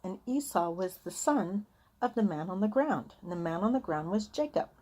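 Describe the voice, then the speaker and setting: A woman's voice: medium pitch, lively intonation, moderate pace, warm tone. A woman telling a personal story in a casual, earnest, chatty way, often acting out what people said. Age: adult with children. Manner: chatty, earnest, re-enacts heated arguments. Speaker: vlogger sharing a personal vision.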